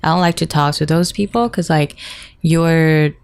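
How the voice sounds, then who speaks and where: A woman co-hosting a podcast, talking slowly and hesitantly in casual chat. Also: low-pitched, creaky, a little mellow, smooth, no room sound. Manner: slow, hesitant, giggly. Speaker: podcast co-host.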